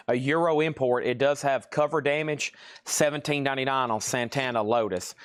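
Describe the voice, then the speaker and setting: Male auction host for a live record sale, mid-pitched, brisk and businesslike price-calling. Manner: brisk, reads off prices and bids. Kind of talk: live-stream auction patter.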